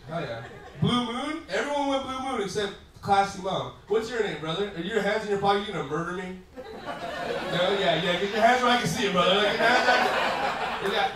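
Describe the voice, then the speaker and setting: A man doing stand-up crowd work on a comedy club stage, profane and rambling, often laughing mid-sentence. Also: high voice. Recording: far-off roomy club recording with crowd. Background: audience laughter.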